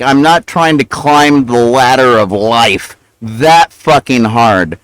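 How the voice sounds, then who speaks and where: A livestreamer rants casually and profanely, justifying himself and rambling, sometimes mumbling through food as he eats. His voice is medium-pitched, and the recording is dry with poor audio.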